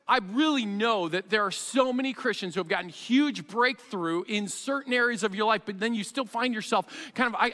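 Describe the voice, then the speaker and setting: A middle-aged man preaches from the pulpit, his voice high and bright. He tells stories with energy and plays out both the parent and the child. A long reverb trails his words through the sanctuary. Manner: animated storytelling, acts out parent and child. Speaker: pastor. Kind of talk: sermon.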